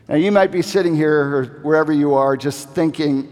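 A man delivering a sermon in a fairly high voice, building to emphatic runs and then easing into quiet, deliberate repetition. His words ring out with the long reverb of a large church sanctuary. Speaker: preacher.

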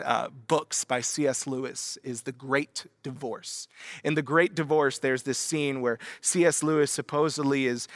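A male pastor preaching a sermon in an animated storytelling manner. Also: medium pitch, no echo.

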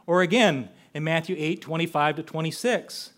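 A man's voice: fairly high pitch, moderate pace, few pauses, a bit bright. Earnest older man preaching a sermon. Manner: earnest, conversational preaching with rhetorical questions. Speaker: pastor.

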